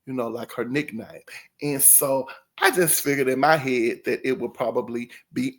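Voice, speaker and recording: A man's voice: mid-range voice, very animated, unhurried, fairly bright tone. A man hosting his own channel, telling a story casually in a rambling way, laughing often and imitating the people in it. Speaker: channel host.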